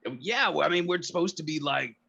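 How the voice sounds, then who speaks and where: A man rambles through casual in-character talk at a tabletop game and fills every pause with filler words. His voice is husky and breathy. The recording sounds dull and lo-fi. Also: on the high side, expressive, pushed and bright. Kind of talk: casual in-character role-play.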